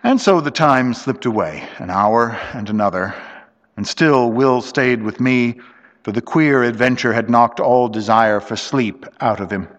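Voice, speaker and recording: A man narrating a story aloud in a steady, measured way, recorded with long reverb. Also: medium pitch, dull audio.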